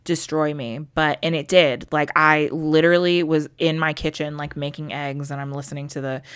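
A woman's voice: sits low, flat delivery, normal speed, clean tone. A young adult woman co-hosting a casual book podcast, talking emotionally and swearing freely. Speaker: podcast co-host.

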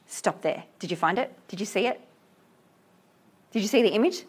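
A woman teacher lectures a class on a poem with lively enthusiasm. She reads lines of verse aloud slowly and keeps asking her students questions. Her voice sits at a middling pitch. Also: slightly rough. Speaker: literature teacher.

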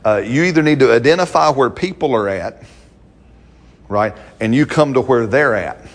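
A man preaching a sermon with a slightly husky voice. He talks to the congregation in a loose, conversational way, acting out little quotes and laughing as he goes. His pitch sits in the middle range. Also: expressive, moderate pace.

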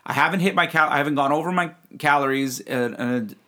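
A slightly quick, pushed and bright voice on the high side belongs to this man. As co-host and client of a casual podcast, he jokes and shares long anecdotes about life as a parent of small kids.

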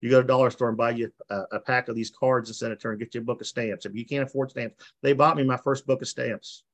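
A middle-aged man with a gravelly, fry-laden voice shares his recovery story over a video call. He speaks at a middle pitch and talks earnestly, circling back and repeating phrases. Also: fairly even intonation, fast talker, fairly bright tone. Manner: earnest, repetitive, emotional storytelling. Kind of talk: personal testimony at a recovery meeting.

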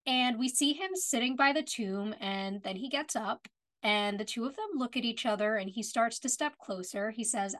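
A woman's voice: fairly high pitch, a bit bright. A woman co-hosting a podcast, recapping a TV episode in casual chat full of "like" fillers. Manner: chatty, lots of "like" fillers. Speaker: podcast co-host.

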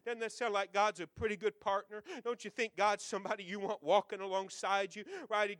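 A man with a strikingly high, bright voice preaches a fervent sermon to young listeners. He moves between loud, urgent exhortation and soft, hushed prayer. The sound is close and dry, with no room around it. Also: little pitch movement, a little fast, few pauses, no echo.

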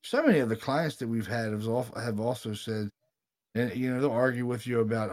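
A man with a medium-pitched voice, talking fairly quickly, hosts a paranormal podcast and works as a paranormal investigator. In loose, casual chat, he tells stories with rising excitement, swears freely, and keeps saying "dude" and "you know what I mean."

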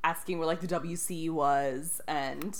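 A woman's voice: low-pitched, fairly even intonation, unhurried. A woman co-hosting a podcast in casual chat, talking with many fillers and giggling often. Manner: chatty, filler-heavy, giggly. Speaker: podcast co-host.

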